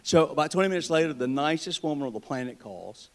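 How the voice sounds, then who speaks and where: A man's voice: on the high side, lively intonation, fast talker. A man with a Southern US accent, a state treasurer giving a convention speech, telling wry, joking stories in a folksy way. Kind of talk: political speech with folksy storytelling. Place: convention hall.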